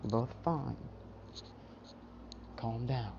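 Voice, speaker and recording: A man's voice: medium pitch, drawn-out words, gravelly, a little mellow. A man voicing a laid-back, bashful teenage boy hero, in an offhand, mumbled way. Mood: easygoing. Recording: dull, noisy home mic.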